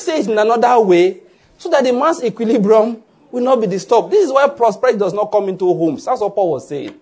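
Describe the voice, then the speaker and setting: A man preaching a sermon to his congregation, animated, often asking whether they follow and laughing along. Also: sits high, fast, husky. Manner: animated, asks "are you getting my point?" often, laughs along. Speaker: pastor.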